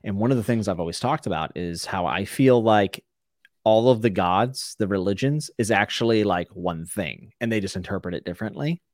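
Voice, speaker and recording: Laid-back, slangy man with a low voice. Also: normal speed, no room sound, studio quality. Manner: laid-back, slangy, excited by wild theories. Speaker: podcast co-host. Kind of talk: casual book discussion.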